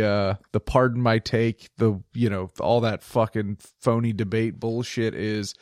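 A man's voice: medium pitch, no echo. Blunt, sarcastic young man, dry sound. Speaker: podcast co-host. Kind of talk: casual sports podcast chat.

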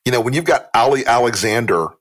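Sarcastic, husky-voiced man ranting. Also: mid-range voice, fast. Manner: profane, animated, sarcastic. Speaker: podcast host. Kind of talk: casual political chat.

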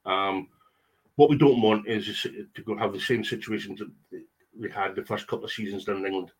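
A man, a podcast guest, giving measured opinions with many pauses and ums. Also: fairly low pitch, steady tone, slight background noise. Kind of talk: podcast discussion.

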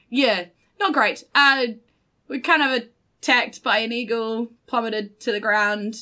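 A woman's voice: fairly high pitch, slow, pushed and bright. A woman playing a tabletop game, casual and giggly. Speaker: player.

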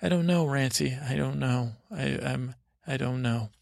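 A middle-aged man hosting a bedtime podcast, rambling slowly through a meandering story with many fillers and restarts. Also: mid-range voice, creaky, no echo, clean studio sound. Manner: slow and unhurried. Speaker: podcast host.

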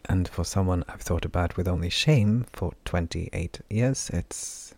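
A man voicing a weary, guilt-ridden male mage who speaks softly and apologetically. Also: low voice, a little slow, creaky, dry recording, heavily acted. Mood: subdued. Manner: soft, subdued, apologetic.

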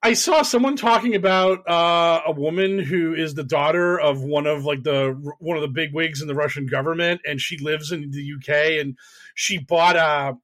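A young man co-hosting a casual podcast, his voice sitting a little high. He rambles through stories, jokes as he goes and laughs a lot. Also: moderate pace, a bit bright. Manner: rambling, jokey, laughs often. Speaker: podcast co-host.

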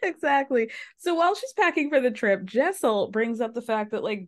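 A woman hosting a podcast, recapping a reality show in casual, animated, gossipy chat. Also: on the high side, moderate pace. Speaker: podcast host.

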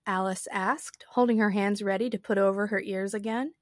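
A woman's voice: mid-range voice, steady tone, brisk, few pauses, no echo, studio quality. A woman hosting a podcast, chatting about a book with wondering, amused asides and reading it aloud. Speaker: podcast host and reader. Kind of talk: casual musing and reading aloud.

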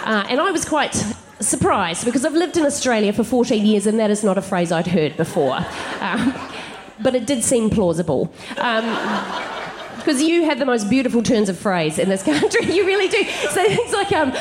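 A woman comedian telling funny stories on stage, giggling and animated as she talks to a live audience. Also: a little high, normal speed, background noise. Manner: giggly, animated, laughs through lines. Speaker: comedian, co-host. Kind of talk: live stand-up storytelling.

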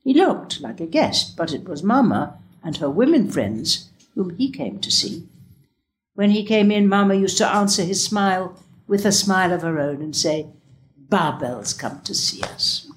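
A woman narrating a story in a calm, measured, unhurried reading. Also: lowish voice. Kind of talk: audiobook narration.

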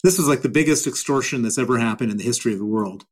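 A man's voice: medium pitch, racing, slightly rough. A man answering interview questions at length, emphatic and given to repeating his points. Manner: emphatic and repetitive. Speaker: interview guest.

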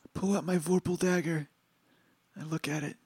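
A man's voice: a little high, fairly even intonation, moderate pace, a little mellow, slightly rough, dry recording. A man playing a tabletop role-playing game, giving jokey mock-earnest speeches in character. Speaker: player.

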